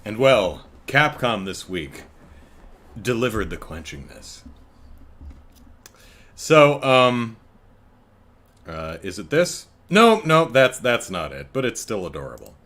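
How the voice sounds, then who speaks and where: Male podcast host, unhurried and wry, with a lively rise and fall, talking from home. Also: lowish voice. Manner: chuckling, wry storytelling with frequent restarts. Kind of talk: casual solo podcast chat. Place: home, apartment.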